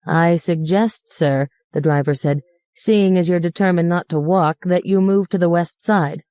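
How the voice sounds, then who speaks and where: A woman reading as a sneering male cabbie who rants and mocks his passengers with fake politeness. His voice sits low and mellow, with a dry close sound and no room around it. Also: a little slow, no room sound, natural voice. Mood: sarcastic ranting. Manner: mocking, ranting, mock-polite. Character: sarcastic foul-mouthed male New York cab driver.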